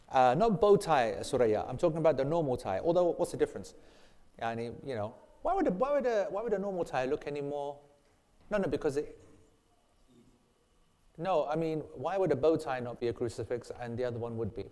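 In a hall with long reverb, a man with a mid-range, dark-toned voice teaches a relaxed Islamic class. He wanders from point to point, cracking jokes and teasing the students.

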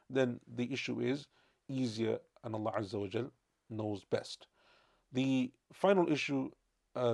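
Male religious teacher, gravelly voice, measured lecture with frequent restarts. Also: mid-range voice. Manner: measured explaining with frequent self-corrections. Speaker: Islamic studies teacher.

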